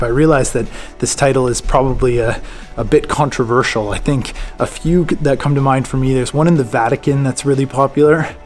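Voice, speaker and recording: A man casually narrating a photography vlog as he walks through a quiet indoor stairwell, with relaxed talk and plenty of fillers. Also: medium pitch. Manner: relaxed, chatty, many fillers. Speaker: photography vlogger. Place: large indoor stairwell of a public building.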